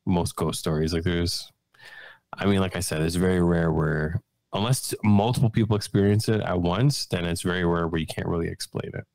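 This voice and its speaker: A man's voice: deep voice, fairly even intonation, normal speed, creaky, darkish tone, no room sound. A man co-hosting a podcast, chatting casually and agreeing with his partner. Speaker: podcast co-host. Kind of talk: casual chat.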